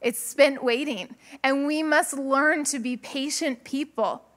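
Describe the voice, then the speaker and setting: A woman's voice: high-pitched, takes it slowly, a bit bright. A woman pastor giving a chatty sermon to a live congregation, mixing family stories with scripture and laughing often. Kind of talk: conversational sermon with personal stories. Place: church sanctuary with a live congregation.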